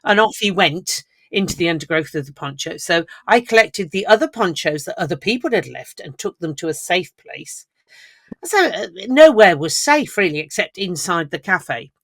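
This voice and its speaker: A woman co-hosting a podcast, telling travel stories in lively casual chat and laughing often. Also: lowish voice, normal speed, no echo, studio quality. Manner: chatty, animated storyteller who laughs often. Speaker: podcast co-host.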